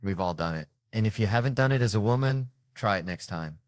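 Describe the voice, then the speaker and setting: Male stand-up comic with a lowish voice, profane and rambling delivery, dry sound. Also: lively intonation, a little fast, no room sound. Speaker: stand-up comedian. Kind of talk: stand-up set.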